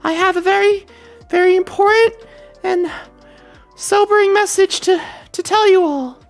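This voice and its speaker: A woman's voice: a little slow, faint music behind. A game master voicing Mrs. Claus as a shaky, tearful older woman who makes an announcement and breaks down crying. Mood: shaky, formal. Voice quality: shaky, high, wailing.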